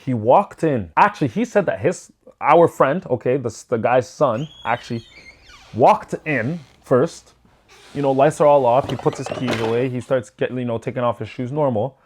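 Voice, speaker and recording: Young man telling an animated, profane story. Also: mid-range voice, normal speed, a little hiss or hum. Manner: animated, acts out what people said; loose and profane. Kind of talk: casual storytime vlog.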